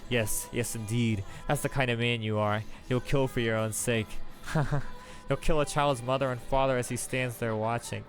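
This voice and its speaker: A man voicing a cruel, taunting maid, speaking quietly and with contempt. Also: mid-range voice, steady tone, moderate pace, faint music behind, natural voice. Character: cruel mocking maid, cold and sneering.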